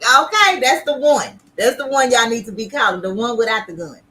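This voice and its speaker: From an indoor sewing room, a woman hosts a sewing livestream, chatting casually with viewers in a loud, extra, playful way. Her pitch is fairly high, she talks a little fast, and the audio is poor.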